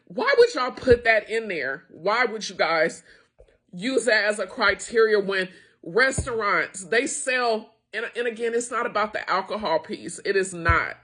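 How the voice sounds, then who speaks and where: Upset woman venting, bright voice. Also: medium pitch, expressive, a little slow. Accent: American. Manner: upset, frustrated, venting with profanity. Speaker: wine tasting room owner. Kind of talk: emotional direct-to-camera rant.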